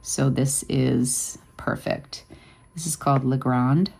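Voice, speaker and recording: A woman's voice: a bass voice, fairly even intonation, slow pace, vocal fry, dark tone, husky. A woman in her fifties hosting a vlog, chatting casually and rambling with lots of fillers. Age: 50s. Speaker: vlog host. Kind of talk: casual chat.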